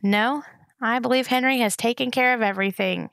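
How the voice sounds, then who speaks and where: A woman's voice: on the high side, fairly quick, vocal fry, fairly bright tone, no room sound, voice pushed up. A woman doing a cold young royal traitor. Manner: cold, urgent.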